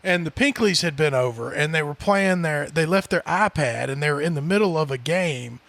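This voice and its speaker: A man co-hosting a podcast in casual chat, telling stories and acting out the quotes with sudden jumps in pitch. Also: animated, moderate pace, creaky, fairly bright tone, no echo. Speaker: podcast co-host. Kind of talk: casual chat, animated storytelling.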